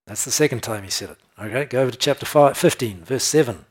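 A man preaching a sermon, reading scripture with slow, stressed phrases and chatting to his listeners between verses. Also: medium pitch. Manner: conversational asides with soft laughs.

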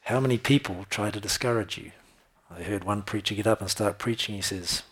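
A man with a low, husky voice delivers a sermon. He preaches with conviction and keeps checking in with his congregation through short tag questions like "right?" and "okay?". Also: fairly quick, fairly bright tone.

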